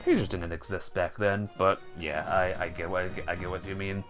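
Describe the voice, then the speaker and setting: A man's voice: deep voice, flat delivery, moderate pace, fairly bright tone, faint music behind. A man giving casual, laid-back commentary while playing a game, with slangy asides. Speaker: let's play host.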